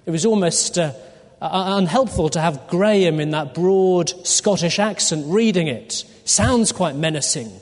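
A man preaching a sermon through a Bible passage, deliberate and full of rhetorical questions to his listeners. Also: high voice. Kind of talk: expository sermon. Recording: long hall reverb.

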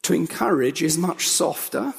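A man preaches an earnest sermon with a gravelly, slightly husky voice that swings widely in pitch. He presses his points by repeating them. A long hall reverb trails his words. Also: expressive, normal speed. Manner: earnest, emphatic, building repetition.

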